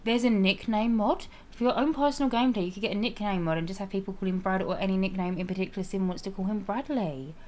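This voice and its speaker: A woman's voice: medium pitch, fast, few pauses, darkish tone, slight background noise. A young woman streaming a life-sim game, chatting casually with viewers, giggling, restarting sentences and apologizing as she goes.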